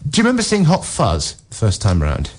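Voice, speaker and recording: A male film critic on a radio show, talking casually and at length, with frequent "you know" fillers and quick asides. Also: mid-range voice, huge pitch swings. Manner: discursive, peppered with "you know" and "no"; acts out characters' lines in passing.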